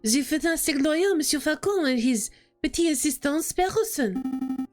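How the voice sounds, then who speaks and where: A woman's voice: high voice, animated, normal speed, a little mellow, faint music behind, pitched above the performer's own voice. A woman voicing a sweet, naive young noble cat lady in a visual novel read-aloud. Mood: innocent.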